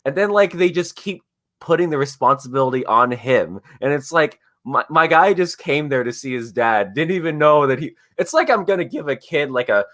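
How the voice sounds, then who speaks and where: A man hosting a casual podcast chat, telling stories with quick voiced asides. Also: a little high, expressive, fairly bright tone. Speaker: podcast host.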